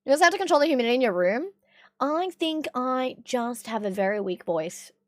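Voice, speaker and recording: Hoarse young woman streamer chatting. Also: high voice, big pitch swings, a little fast, no echo, studio quality. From Australia. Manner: chatty, swears often, reads chat aloud. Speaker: livestreamer. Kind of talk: casual stream chat, reacting to clips.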